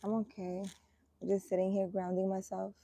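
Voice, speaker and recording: A woman energy healer chatting casually outdoors, answering viewer comments aloud in an unhurried way, her throat irritated so her voice keeps catching. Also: mid-range voice, flat delivery, mellow, dry recording. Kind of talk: casual live chat. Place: outdoors in the sun, birds around.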